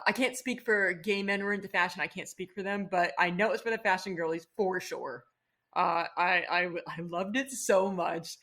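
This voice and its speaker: A woman's voice: on the low side, fairly bright tone. A woman chatting on a podcast, gushing and rambling with frequent restarts. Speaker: podcast guest. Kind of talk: casual podcast chat.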